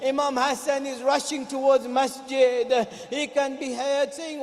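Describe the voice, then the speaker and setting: A man with a very high voice delivers a mourning sermon, breaking from plain speech into chanted and cried-out laments. His voice rings through a big mosque hall with a long reverb. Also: level tone, unhurried, hardly any pauses. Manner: chants and cries out lines in a mourning melody. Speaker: preacher.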